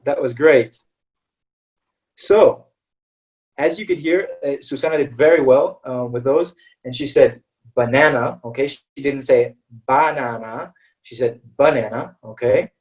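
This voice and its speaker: A man's voice: mid-range voice, measured pace, darkish tone, far from the mic, rough recording. A man teaching English pronunciation in an online webinar, patiently checking in with his class after nearly every point. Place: online video-call webinar.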